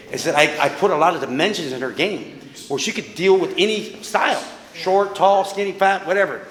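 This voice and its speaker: Blunt, profane boxing trainer in an echoey gym. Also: male voice, on the high side, a bit bright. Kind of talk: blunt coaching talk. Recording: echoey hall with long reverb.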